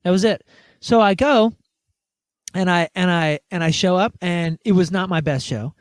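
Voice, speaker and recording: A man guest on a podcast, telling a story in a casual, animated way and acting out the quoted conversations. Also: high-pitched, moderate pace, no echo.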